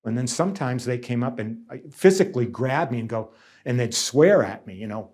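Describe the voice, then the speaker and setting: A middle-aged man from central Massachusetts speaks in an interview as a nursing union negotiator. He talks emphatically, doubles back on his words and slips into the voices of the people he describes. His voice sits at an ordinary middle pitch. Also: expressive, normal speed, dark tone, breathy edge. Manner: emphatic, repeats himself, voices others' words. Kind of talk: interview answers, reflective storytelling.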